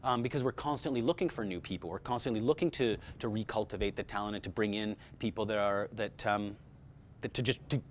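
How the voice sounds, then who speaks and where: With a lowish voice and a quick pace, a man gives an animated, informal workshop talk about voice-over casting, with slight background noise. He keeps restarting phrases and repeating words.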